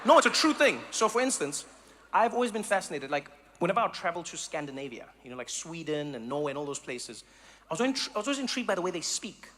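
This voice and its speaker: A man from South Africa doing stand-up comedy, animated and acting out voices and sounds. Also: on the high side, quick pace. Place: live comedy venue.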